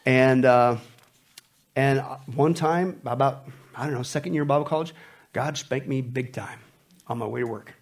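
A man preaching a sermon, animated and joking, dropping from loud bursts to hushed lines. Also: mid-range voice, moderate pace. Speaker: pastor.

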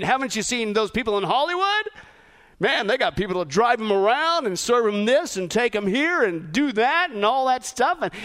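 Pastor guy preaching, high voice that swoops all over, acts out rude folks then goes low and quiet. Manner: animated preaching, mocking impressions of rude servants, drops to quiet emphasis. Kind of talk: sermon.

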